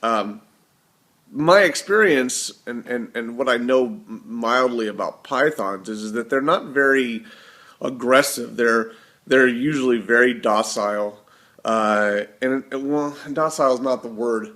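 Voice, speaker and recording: A man's voice: medium pitch, measured pace, a bit bright. A man talking casually to camera in a rambling, self-correcting monologue. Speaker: vlogger.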